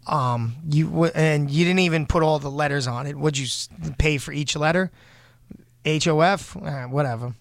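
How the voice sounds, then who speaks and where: A man's voice: on the high side, moderate pace, no room sound, clean studio sound. A man hosting a casual talk show, ranting bluntly and heatedly, swearing as he vents. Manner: blunt, heated, swearing, quotes others in put-on voices. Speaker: show host. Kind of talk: casual podcast rant.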